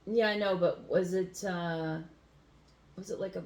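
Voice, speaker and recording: American woman rambling through a story at home, slow and low-ish, lots of likes, echoey room. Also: fairly even intonation, a little mellow. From USA. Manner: rambling storyteller, many fillers, laughs easily. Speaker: podcast co-host. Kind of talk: casual chat. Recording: roomy home recording.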